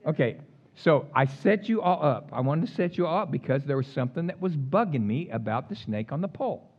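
Animated high-voiced male preacher. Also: brisk, lo-fi sound. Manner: animated, jokey, reads scripture aloud acting out the complainers. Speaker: pastor. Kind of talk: sermon.

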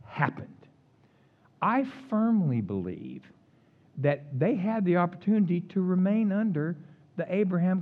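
Heard through narrow, tinny audio, a high-pitched male pastor gives a sermon full of jokes for the congregation. He reads scripture aloud with animation, dramatically voicing the complaining crowds.

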